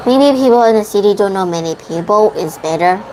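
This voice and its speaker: A woman's voice: mid-range voice, animated, a little fast, a little mellow, poor audio. Young woman student debating, faint hiss. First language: Vietnamese. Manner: hesitant, restarts and self-corrections. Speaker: English student. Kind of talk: debate practice in an online lesson.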